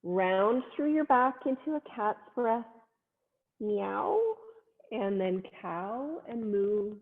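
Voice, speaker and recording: A woman leading a family yoga class, cueing poses gently and playfully with little animal sounds. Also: on the high side, slow pace. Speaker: yoga instructor. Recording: phone-like sound in a long-echo room.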